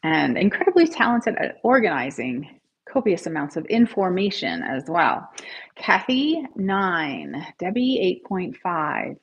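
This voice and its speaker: A woman's voice: fairly low pitch, wildly swooping pitch, a little slow, breathy edge, dull audio. A woman hosting a live guided tapping session, encouraging viewers and calling out their scores, and leading affirmations for listeners to repeat after her. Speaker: tapping coach, livestream host.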